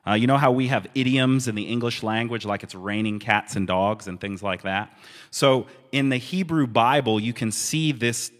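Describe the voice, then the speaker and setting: A male pastor preaching in an easy, conversational manner, dropping amused asides between readings. His voice sits at an ordinary middle pitch and carries a long reverb, as if in a church hall. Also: fairly even intonation, moderate pace. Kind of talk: sermon.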